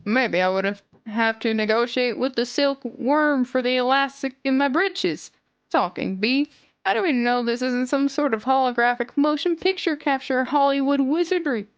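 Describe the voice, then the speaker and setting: Woman doing a showy southern lawyer, put-on Southern US drawl, slow and pompous, drawn-out speech, slightly high voice. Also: no echo, lo-fi sound, close to an everyday voice. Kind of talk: dramatic script reading.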